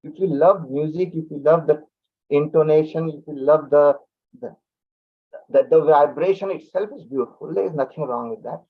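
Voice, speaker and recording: Man, animated lecturer, restarts and repeats phrases, thin phone-like sound. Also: a little high, normal speed. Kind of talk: public talk on yoga and science. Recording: tinny phone-like audio.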